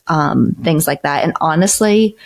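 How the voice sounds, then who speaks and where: Low-voiced woman psychologist chatting. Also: lively intonation, measured pace. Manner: thoughtful, many fillers. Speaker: psychologist co-host. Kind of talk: casual podcast chat.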